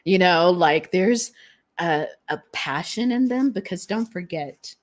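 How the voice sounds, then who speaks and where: A woman's voice: fairly low pitch, animated, measured pace. A woman giving a casual collective tarot reading, rambling, often laughing and trailing off while she searches for words. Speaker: tarot reader. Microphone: streaming setup.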